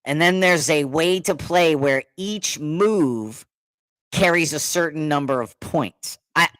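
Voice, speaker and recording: A middle-aged man telling a story in casual chat, animated, laughing often and acting out what others said. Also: on the high side, slow pace, no echo. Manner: animated, laughing, repeats words, acts out quotes.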